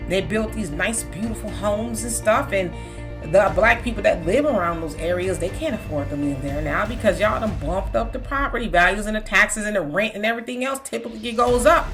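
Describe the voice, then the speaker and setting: A woman making a pointed argument in an opinion video to camera. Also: mid-range voice. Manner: pointed, lecturing.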